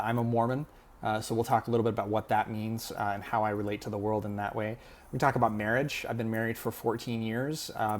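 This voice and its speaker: A man in his thirties telling a personal story in a casual vlog, animated and full of filler words. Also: mid-range voice. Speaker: vlogger.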